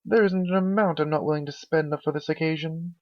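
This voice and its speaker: A man voicing an elegant, refined female unicorn fashionista in a fan-read pony story, with sweet, coaxing, drawn-out lines. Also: on the high side, dry recording, pitched above the performer's own voice, natural voice. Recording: dull lo-fi home mic.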